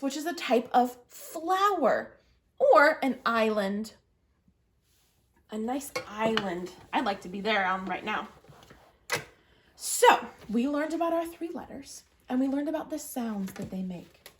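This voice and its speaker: A woman's voice: a little high, lively intonation, measured pace. A woman teaching a children's reading lesson, patiently walking young learners through writing letters and saying their sounds. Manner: encouraging, patient, prompting the viewer to repeat. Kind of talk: early literacy lesson, guiding children through letter formation.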